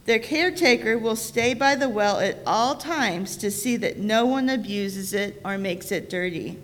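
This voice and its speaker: A woman voicing a patient, fatherly male God in a folk tale, speaking in a measured, solemn way. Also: mid-range voice, a bit bright, lightly acted. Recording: reverberant church sanctuary.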